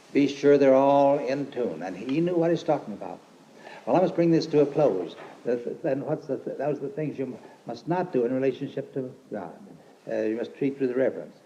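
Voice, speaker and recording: A man's voice: mid-range voice, mellow. Older man giving a folksy sermon on old tape. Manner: rambling, folksy, emphatic when quoting scripture. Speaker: lay preacher and teacher. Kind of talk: informal sermon. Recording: dull lo-fi archive recording with faint hiss.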